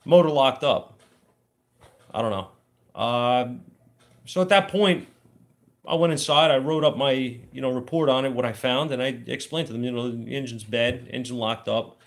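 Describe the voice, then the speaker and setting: Man, auto mechanic, casual storytelling, rambling, plainspoken, trade slang, mid-pitched voice. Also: normal speed. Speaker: auto mechanic and shop owner.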